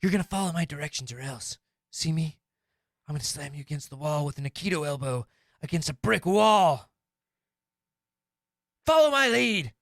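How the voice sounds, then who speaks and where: A man's voice: fairly high pitch, expressive, moderate pace, long pauses, a bit bright, no room sound, clean studio sound. A man voicing a self-important martial-arts action star who bosses a co-star around. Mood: menacing.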